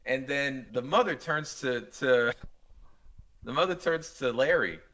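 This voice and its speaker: A man's voice: mid-range voice, measured pace. A young man co-hosting a podcast in casual chat, telling stories animatedly and acting out the scenes he retells. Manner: animated storytelling, acts out scenes with quoted voices. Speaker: podcast co-host.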